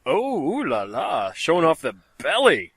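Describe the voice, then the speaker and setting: A man's voice: a little high, wildly swooping pitch, a little slow, a bit bright, slightly rough, dry recording. A young man hosting a casual podcast, joking and teasing his guests and laughing often. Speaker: podcast host.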